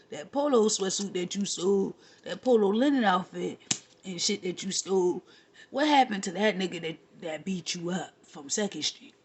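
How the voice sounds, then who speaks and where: Husky woman ranting profanely. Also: mid-range voice. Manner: animated, profane storytelling with laughs. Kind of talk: casual rant to camera.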